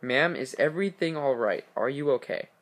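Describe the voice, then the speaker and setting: A man reading the part of a police officer on duty, giving firm, steady instructions to a caller. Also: mid-range voice, normal speed, lightly acted. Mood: urgent.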